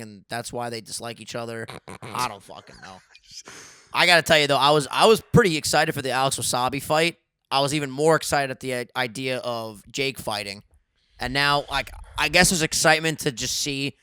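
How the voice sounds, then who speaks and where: A man's voice: mid-range voice, pushed and bright, clear, resonant tone, no echo, clean studio sound. A man co-hosting a podcast, telling stories in a loose, profane, joking way. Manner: loose, profane storytelling with quick jokes. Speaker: podcast co-host. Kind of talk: casual podcast banter. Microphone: studio dynamic microphone.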